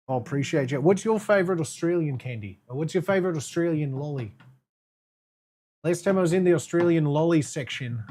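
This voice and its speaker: Streamer voice, casual live-stream chat, playful and giggly, mid-pitched. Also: a little mellow, slight background noise. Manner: playful, chatty, talks to chat, laughs often; eating candy while standing.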